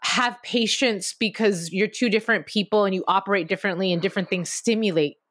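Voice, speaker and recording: A woman's voice: mid-range voice, brisk, fairly bright tone, dry recording, studio quality. Woman cohost on a podcast, mid-range voice, thoughtful and supportive, chatty. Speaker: podcast co-host. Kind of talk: casual podcast chat.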